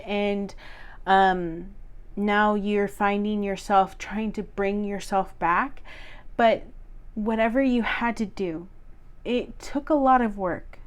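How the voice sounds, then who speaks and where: A woman giving a tarot reading to her viewers, talking gently and earnestly with many fillers and repeated words. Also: medium pitch, clear, resonant tone. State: choked up, teary. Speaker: tarot reader. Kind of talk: solo tarot reading to camera.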